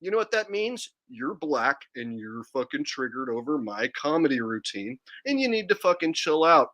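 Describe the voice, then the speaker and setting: A man's voice: fairly high pitch, big pitch swings, normal speed, bright, forceful tone. A man ranting in a profane, mocking monologue to his viewers. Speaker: video blogger.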